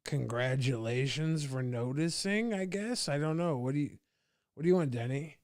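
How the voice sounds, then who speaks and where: A man's voice: a little high, moderate pace, darkish tone, dry recording, studio quality. A drunk man hosting a casual livestream chat, rambling and trading crude insults with viewers. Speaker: streamer host.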